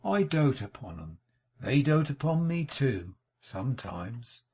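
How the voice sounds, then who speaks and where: Guy doing a self-pitying pious old-school gent, husky and oily, storybook reading. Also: mid-range voice, very animated, takes it slowly, warm tone, full character voice. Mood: confiding. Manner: mournful, unctuous, confiding. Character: sanctimonious, self-pitying middle-aged male architect. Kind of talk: audiobook character reading.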